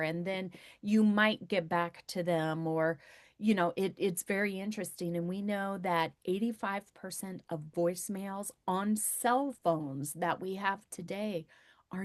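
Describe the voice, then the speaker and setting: A woman's voice: fairly low pitch, darkish tone, no echo, clean studio sound. A woman in her fifties, a podcast guest talking in an emphatic, conversational way and repeating key points for weight. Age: 50s. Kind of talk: conversational interview.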